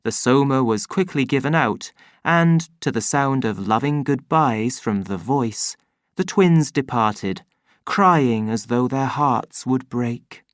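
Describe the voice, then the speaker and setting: A man reading an audiobook as narrator, slow and expressive. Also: medium pitch, no echo, studio quality.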